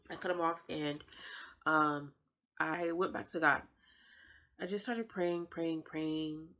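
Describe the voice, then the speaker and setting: Earnest low-voiced young woman testifying. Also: steady tone, takes it slowly, pushed and bright, poor audio. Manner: earnest, heartfelt, repeats phrases for emphasis. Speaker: vlogger sharing her testimony. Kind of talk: personal faith testimony.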